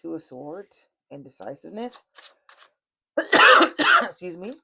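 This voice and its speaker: A woman's voice: lowish voice, very animated, slow pace, gravelly, background noise. A woman giving a casual tarot reading, speaking bluntly and straight to her viewers, cursing freely and repeating her warnings. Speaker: tarot reader.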